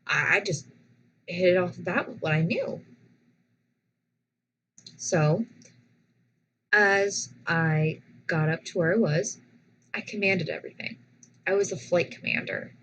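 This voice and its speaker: A young woman talks slowly and a little low as she spins a casual personal story for her vlog. Her retelling is animated and dramatic, with frequent restarts. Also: a little hiss or hum, poor audio. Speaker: vlogger.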